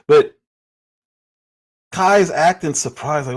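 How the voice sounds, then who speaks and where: A man's voice: mid-range voice, sing-song, moderate pace, darkish tone. A man in his forties giving critical, exasperated commentary on clips during a livestream.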